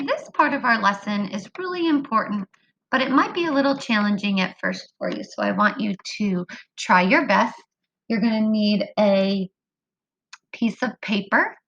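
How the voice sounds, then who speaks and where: A woman teaching small children phonics in a slow, patient sing-song, stretching each word out. Her voice is bright and clear. The recording is a little dull, with a faint hiss. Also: fairly high pitch. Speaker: kindergarten teacher. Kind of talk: phonics lesson for young children.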